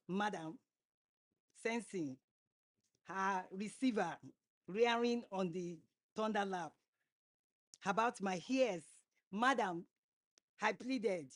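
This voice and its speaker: Slow, halting woman reciting a poem. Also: mid-range voice. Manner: halting, restarting words. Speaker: poetry reader. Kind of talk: poetry recitation at a conference. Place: conference stage.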